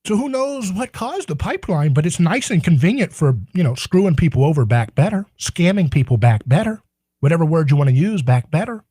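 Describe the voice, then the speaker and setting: A man's voice: a little high, lively intonation, brisk, dark tone, husky, no echo. Sarcastic indignant male talk-radio host. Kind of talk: political talk radio monologue.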